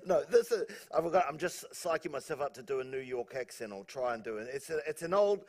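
A pastor telling a joke in church, halting with many restarts. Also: male voice, on the high side, animated, darkish tone.

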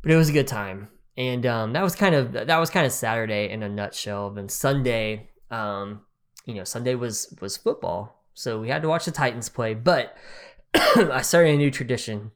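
A man's voice: mid-range voice, normal speed, smooth. A man in his thirties co-hosting a podcast, telling stories in a rambling, chatty way with many fillers and frequent laughs. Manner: laughs often. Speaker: podcast co-host. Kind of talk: casual chat.

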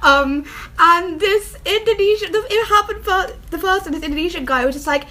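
A woman's voice: extremely high pitch, fairly quick, sharp tone. A woman who grew up in England co-hosting a podcast, telling a story in a chatty, playful way. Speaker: podcast co-host. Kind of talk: casual chat.

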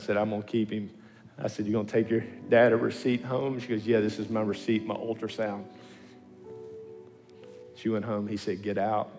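A man preaching a sermon and telling stories, acting out the people he quotes with sudden high-pitched voices. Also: long reverb tail. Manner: animated storyteller, acting out quotes in pitch leaps. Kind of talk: sermon with storytelling.

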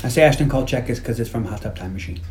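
A man's voice: mid-range voice, racing, a little mellow, a little hiss or hum. A man casually recapping a movie on a podcast, joking and swearing freely as he acts out scenes. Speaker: podcast co-host.

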